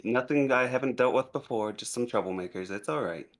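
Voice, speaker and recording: A man playing a tabletop role-playing game, speaking in a calm, composed way as his character. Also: medium pitch, a little fast. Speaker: player.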